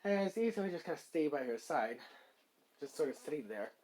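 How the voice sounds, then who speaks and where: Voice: medium pitch, lively intonation, brisk, darkish tone, rough recording. A fan story narrator improvising a story aloud, rambling with many fillers. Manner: rambling, many likes and ums.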